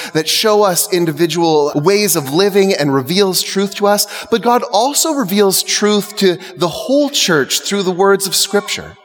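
A male clergyman preaching a sermon to his congregation in a conversational, lightly humorous way. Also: high voice. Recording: long church reverb.

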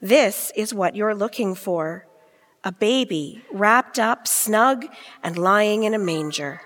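Woman reader for a church Christmas story, slow and gentle, long hall reverb. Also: mid-range voice, animated. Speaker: scripture storyteller. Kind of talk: reading a nativity story.

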